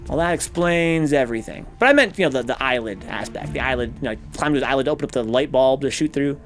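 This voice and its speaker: A man streaming a video game, talking casually with animated, profane, rambling rants. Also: mid-range voice, fast, faint music behind. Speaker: gaming streamer. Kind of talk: casual let's-play commentary.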